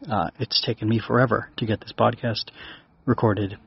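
A man's voice: fairly low pitch, steady tone, moderate pace, gravelly, husky, muffled recording. A man hosting his own writing podcast, talking casually in a rambling, self-correcting way and reading out his log. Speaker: podcast host and author.

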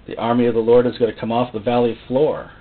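A man's voice: medium pitch, flat delivery, fast talker. A man preaching a sermon, emphatic and repeating phrases for stress. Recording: tinny phone-like sound.

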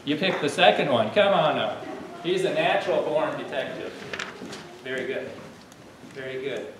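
A man leading a lively lesson for a room of children, coaxing them to call out answers like a coach. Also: a little high, normal speed. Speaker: children's teacher. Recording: echoey room, distant mic, faint hum.

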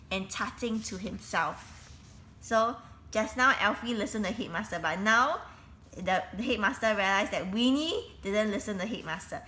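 A woman reading a children's book aloud, pausing to explain the story in simple words with frequent restarts. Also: mid-range voice, bright, forceful tone. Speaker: reader.

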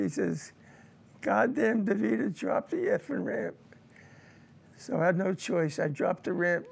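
Gravelly older veteran recalling war. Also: male voice, on the high side, darkish tone. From United States. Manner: emotional, halting recollection with repeated words. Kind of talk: personal war testimony.

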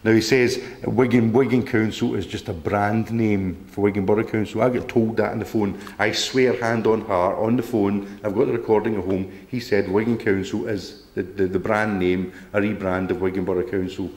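A man's voice: fairly low pitch, fairly even intonation, normal speed, hardly any pauses, darkish tone. A man giving a public talk to a local group, indignant and rambling, repeating himself as he reads letters aloud. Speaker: presenter.

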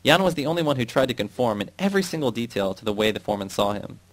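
A man reading a novel aloud in a steady, measured way. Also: medium pitch, dry recording. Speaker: audiobook reader.

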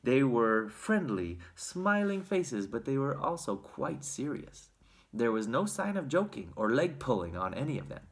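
A storyteller reading a children's book aloud with expressive, sing-song narration. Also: medium pitch, measured pace.

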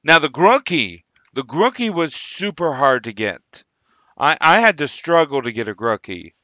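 A man's voice: on the high side, very animated, measured pace, sharp tone, no room sound, dull audio. A man hosting a gaming video, chatting casually and musing aloud with jokey asides as he plays. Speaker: gaming channel host. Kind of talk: casual gameplay commentary.

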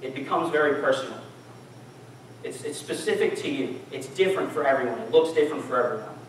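A man's voice: mid-range voice, lively intonation, fast talker, a little hiss or hum. A man preaching a casual, conversational sermon in a church, asking the congregation questions. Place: church hall. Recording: echoey church hall, mic from far off.

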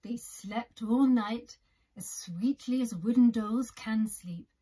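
A woman reading a children's storybook aloud in a gentle, expressive way. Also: on the high side, slow, breathy edge.

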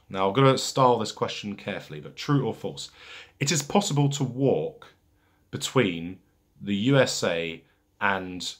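A man with a low, husky voice runs a casual pub quiz. He reads each question out twice at an unhurried, deliberate pace and drops in chatty asides with plenty of fillers between rounds.

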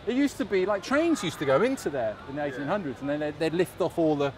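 A man's voice: a little high, lively intonation, fast talker. Chatty man guiding a street walk. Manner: chatty, joking, bantering. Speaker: tour guide host. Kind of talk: casual walking tour chat. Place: outdoors on city streets. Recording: music playing behind.

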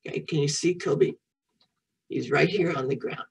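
A woman's voice: deep voice, moderate pace, vocal fry, long pauses, slightly rough, recorded from a distance, low-quality recording. A woman reading a picture book aloud to a young child, patiently repeating French words and encouraging the child to say them back. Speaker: children's storyteller and French teacher.

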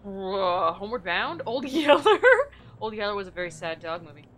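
A woman's voice: mid-range voice, animated, normal speed, soft background music. Giggly young woman streamer. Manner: giggly, chatty, thinking aloud. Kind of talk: casual gameplay chat.

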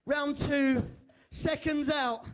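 A man compering a live poetry contest, loudly announcing rounds and calling for cheers. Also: extremely high pitch, fairly even intonation, slow pace, faint music behind. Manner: loud announcing over a cheering crowd. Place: live venue on stage. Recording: loud crowd cheering and noise.

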